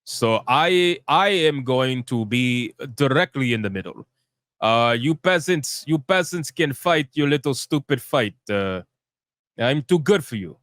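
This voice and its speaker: A man voicing a smug, haughty man who looks down on everyone, in a slow, condescending drawl. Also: mid-range voice, expressive, a bit bright, no echo, studio quality, pitched below the performer's own voice.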